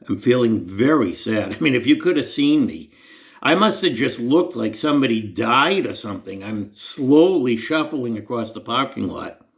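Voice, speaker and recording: A man telling a personal faith story to the camera in an earnest, conversational, self-deprecating way. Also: mid-range voice. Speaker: Christian storyteller.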